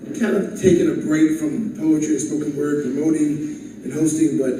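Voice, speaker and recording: A man who hosts spoken word events, announcing in a quick, casual way. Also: on the high side, steady tone, noisy background. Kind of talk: casual chat. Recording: very echoey room, mic far off, music behind.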